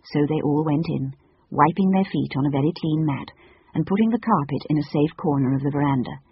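A reader narrating a children's storybook in an even, measured way. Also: medium pitch, breathy edge, dry recording. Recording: dull lo-fi audiobook recording.

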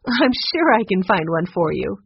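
A woman's voice: mid-range voice, very animated, normal speed, creaky, breathy edge, no echo, heavily acted. A woman voicing a friendly, encouraging adult violinist in a storybook reading. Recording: dull lo-fi recording.

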